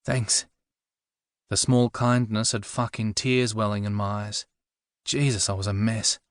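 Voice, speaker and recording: A man's voice: on the low side, steady tone, normal speed, dry recording. A man reading first-person narration for an audiobook with a dry, wry comic delivery.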